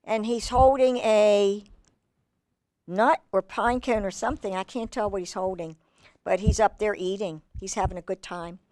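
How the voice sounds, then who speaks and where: A woman reading a picture book aloud to children, animated and exclamatory with chatty asides. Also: mid-range voice, moderate pace, no echo, studio quality. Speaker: children's storyteller.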